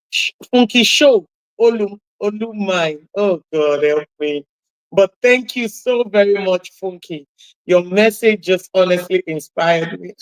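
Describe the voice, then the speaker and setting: A woman with a husky voice hosting a radio talk show, giving an impassioned motivational talk and repeating key phrases for emphasis. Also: on the high side, dry recording, low-quality recording.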